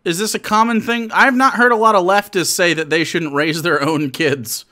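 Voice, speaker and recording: A man's voice: sits high, steady tone, moderate pace, pushed and bright. A man streaming live and commenting casually, chatty and mocking, often laughing and restarting his sentences.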